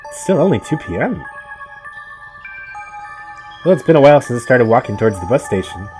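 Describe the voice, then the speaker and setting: A man's voice: medium pitch, very animated, a little fast, dark tone, soft background music. A young man playing a horror game, reading the story aloud and cracking casual jokes between lines. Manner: casual, joking asides between dramatic read-outs. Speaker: gamer. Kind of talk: let's play commentary, reading game text aloud.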